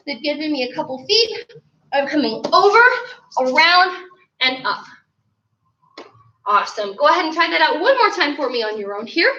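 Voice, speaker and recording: Upbeat woman coaching kicks, bright. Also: high-pitched. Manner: upbeat, coaching, counts reps aloud. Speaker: martial arts instructor. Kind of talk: online class instruction. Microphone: camera mic from a distance. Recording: roomy, distant, dull lo-fi sound.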